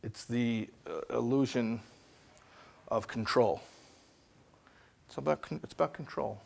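A man giving an animated lecture, telling stories and asking rhetorical questions. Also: mid-range voice, unhurried, creaky. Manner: storytelling with rhetorical questions and acted-out dialogue.

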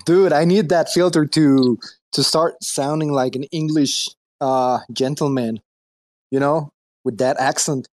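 A man's voice: fairly high pitch, fairly even intonation, measured pace, no room sound. A man co-hosting a casual online audio chat, joking and swearing loosely, calling in from his dining room at home. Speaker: co-host of crypto audio space. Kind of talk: casual banter.

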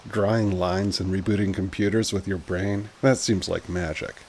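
A man's voice: deep voice, fairly even intonation, slow, a little mellow, slight background noise. A man voicing a bratty rich boy who plays vigilante, smug and dismissive.

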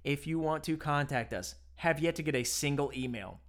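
A man's voice: a little high, moderate pace. A man co-hosting a podcast in casual banter, joking and rambling, often laughing. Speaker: podcast co-host.

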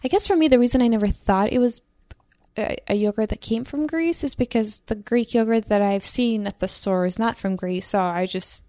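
A woman's voice: a little high, normal speed, dark tone, no echo, clean studio sound. A woman co-hosting a podcast in casual chat, musing, asking questions and teasing her partner. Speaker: podcast co-host.

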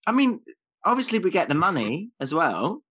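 A man's voice: high-pitched, big pitch swings, normal speed, fairly bright tone, slightly rough. A man co-hosting a comedy podcast, answering with defensive, sarcastic jokes. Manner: defensive, sarcastic jokey replies. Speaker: podcast co-host.

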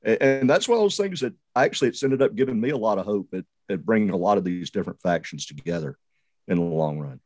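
A man's voice: lowish voice, lively intonation, quick pace, darkish tone, no room sound. A man calling in to a podcast over a video call, chatting in a wry, easygoing way. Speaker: guest caller. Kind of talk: casual call-in chat.

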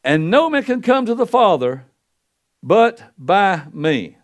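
A man's voice: sing-song, takes it slowly. Older man preaching folksy sermon. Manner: folksy preaching with wide swings in pitch and loudness. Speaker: pastor. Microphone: microphone at a pulpit.

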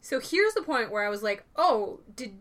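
Bright, animated woman cohost. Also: on the high side, fairly quick. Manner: animated, jokey, laughs often. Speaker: podcast co-host. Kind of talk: casual chat recapping an episode.

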